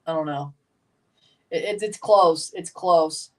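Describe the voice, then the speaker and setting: A man's voice: fairly high pitch, takes it slowly, distant mic. A man with a Southern accent streaming live match reactions, chatting with viewers and exclaiming at plays. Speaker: watchalong streamer.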